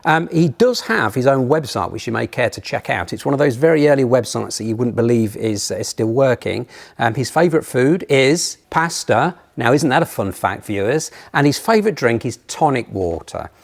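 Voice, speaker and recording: Male guest, gravelly, animated and digressive storyteller. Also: medium pitch, normal speed. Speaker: guest presenter. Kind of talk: casual chat.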